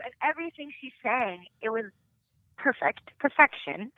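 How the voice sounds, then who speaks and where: A woman's voice: on the high side, normal speed, no echo. A young woman from North Dakota, a singer, telling a story in a casual interview with lots of laughter and gushing enthusiasm. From North Dakota, USA. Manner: animated, giggly, gushing. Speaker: singer, podcast guest. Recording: dry phone-line audio.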